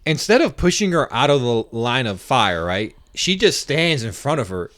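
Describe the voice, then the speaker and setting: A man co-hosting a podcast, recapping a movie casually with a relaxed manner and lots of agreeing interjections. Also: medium pitch, moderate pace, no echo. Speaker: podcast co-host. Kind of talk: casual spoiler review chat.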